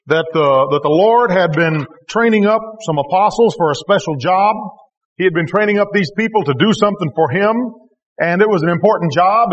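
High-voiced man preaching in a reverberant hall. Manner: folksy, conversational preaching with repeated phrases. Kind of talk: sermon. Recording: dull recording with long hall reverb.

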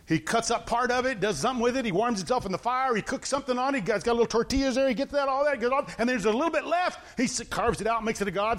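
High-voiced man preaching a casual sermon. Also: a bit bright. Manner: emphatic, repeats points, quick asides to the congregation. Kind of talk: conversational sermon with scripture reading.

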